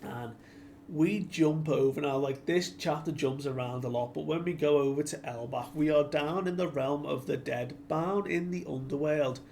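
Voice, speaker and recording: Gravelly-voiced man recapping a chapter. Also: fairly high pitch, moderate pace, a little mellow, slight background noise. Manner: chatty retelling that acts out the characters' lines. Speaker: anime and manga reviewer.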